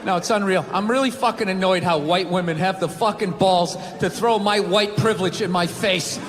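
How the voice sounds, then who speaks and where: A man doing a profane stand-up set on stage, shouting and laughing at his own jokes. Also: high-pitched, normal speed. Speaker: stand-up comedian. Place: large venue with live crowd. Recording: echoey live hall with crowd noise.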